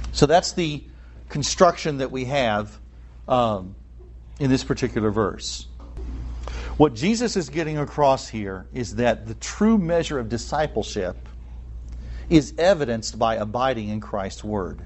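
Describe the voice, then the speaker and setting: A man preaching a sermon, explaining a text in an expressive way and acting out the people he quotes. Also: medium pitch, a little slow. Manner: explanatory, with asides and fillers. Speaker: pastor.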